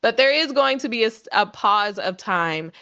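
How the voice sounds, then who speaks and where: A woman giving quick, talkative sports commentary, laughing lightly between points. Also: a little high, lively intonation, sharp tone, muffled recording. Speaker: sports writer.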